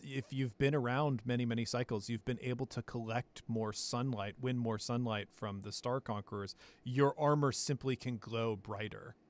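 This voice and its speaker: A man's voice: mid-range voice, steady tone, normal speed, few pauses. A man leading a collaborative tabletop worldbuilding session, reading out game prompts and weighing the group's ideas.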